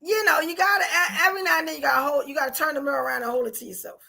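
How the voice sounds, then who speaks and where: New woman podcast host, high, bright, edgy voice, animated casual talk. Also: very fast, vocal fry. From New York. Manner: animated, rhetorical "you know what I'm saying". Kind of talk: casual live podcast chat.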